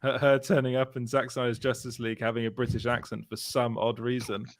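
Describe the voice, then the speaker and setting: A man's voice: medium pitch, little pitch movement, fairly quick. A man hosting a casual panel chat, laughing often and restarting his sentences. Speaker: show host.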